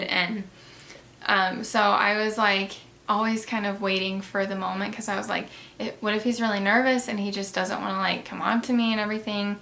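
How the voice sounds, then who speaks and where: A young woman telling embarrassing stories in a casual, chatty way while doing her makeup, with lots of fillers and lively retelling. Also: mid-range voice, moderate pace, gravelly. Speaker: beauty vlogger.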